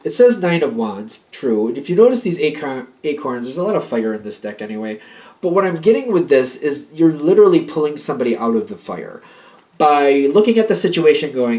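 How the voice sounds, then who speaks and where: A man giving a casual tarot reading. He talks in an animated, rambling way, repeating himself and acting out little pep talks. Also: fairly high pitch, fairly quick. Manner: animated, acts out little pep-talk quotes; rambling, repeats and restarts phrases. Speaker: tarot reader.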